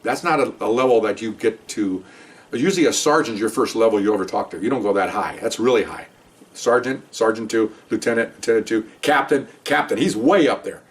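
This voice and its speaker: A man's voice: on the low side, brisk. A man in his sixties, a retired police detective, telling stories in a rambling, conversational way with many asides. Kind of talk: casual storytelling. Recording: voice a bit distant from the mic.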